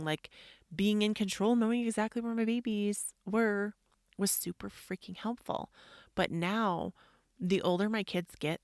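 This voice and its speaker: Chatty mother, gravelly and dry. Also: on the low side, no room sound. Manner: chatty, frequent "like", acts out quotes. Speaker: podcast host. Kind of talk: personal reflective monologue.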